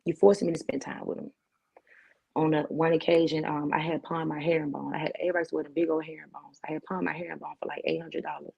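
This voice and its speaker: Woman, gravelly and husky, dark tone, talk show guest, vivid slangy storytelling. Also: sits low, little pitch movement, quick pace, muffled recording. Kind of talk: telling her life story.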